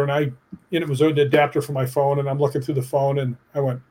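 Husky middle-aged man telling a story. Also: medium pitch, fast talker. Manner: animated storyteller, tags lines with "right?". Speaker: stuntman and actor, guest. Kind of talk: casual storytelling interview.

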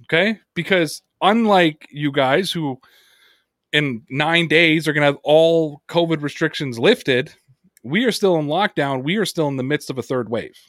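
Brief: male sports podcast host, higher voice, animated, swears a lot, dry close mic. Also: measured pace, no echo. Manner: animated storyteller, heavy swearing. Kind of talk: casual sports podcast chat.

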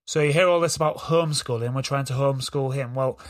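A man's voice: medium pitch, quick pace. A middle-aged man, co-hosting a podcast, who chats bluntly, swears and tells stories about his kids. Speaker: podcast co-host. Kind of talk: casual banter.

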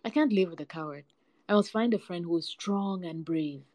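A woman's voice: fairly low pitch, moderate pace, a little mellow, no room sound, close to an everyday voice. A woman voicing a small, lonely male cat in a storybook folktale, eager and pleading with bigger animals. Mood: sneering.

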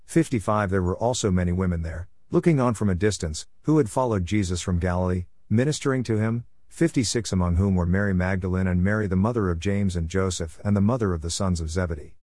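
Man, low voice, dry and close, scripture reading, measured, verse numbers read aloud. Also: darkish tone, dry recording. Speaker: Bible reader.

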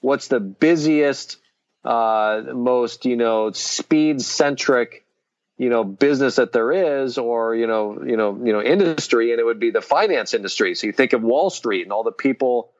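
A man's voice: mid-range voice, moderate pace, lo-fi sound. A man co-hosting a casual business chat, rambling with lots of fillers and restarts. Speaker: podcast co-host.

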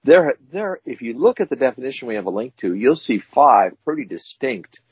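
A man's voice: medium pitch, fairly quick, slightly rough, dry recording. A man co-hosting a casual chat show, joking and rambling as he tells stories. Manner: animated, joking, rambling storyteller. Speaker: co-host. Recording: dull, dry lo-fi audio.

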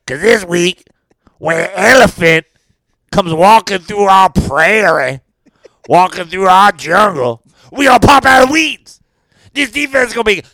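In a comedic mock interview, a man impersonates a brash, boastful, rowdy Cajun football coach with a gravelly, raspy voice. He speaks high and slowly, pausing often and rambling with bursts of shouting, in a heavily acted delivery. There is no echo.

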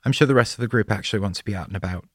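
A man's voice: fairly low pitch, racing, dry recording, clean studio sound, pitched above the performer's own voice, lightly acted. A man voicing a friendly woman who leads a retreat group and talks in a welcoming, folksy way.

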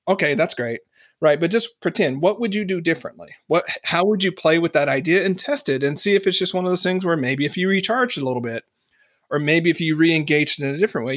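A man's voice: on the high side, a bit bright, dry recording, clean studio sound. A man hosting an interview, talking casually with lots of fillers and restarts. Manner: conversational, many fillers and restarts. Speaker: podcast host.

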